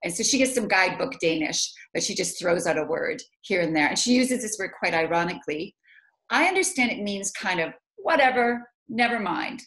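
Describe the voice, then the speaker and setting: A woman author talks through a video call with a chatty, self-mocking manner and many small hesitations. Her voice sits at an ordinary middle pitch. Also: expressive, a little fast, a bit bright. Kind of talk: casual video call chat.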